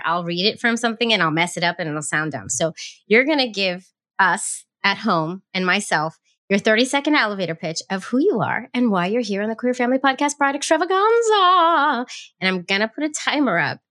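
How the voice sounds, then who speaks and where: A woman's voice: medium pitch, bright, forceful tone, dry recording. A woman hosting a podcast, bubbly and effusive, talking close to the mic. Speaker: podcast host. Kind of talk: enthusiastic podcast interview.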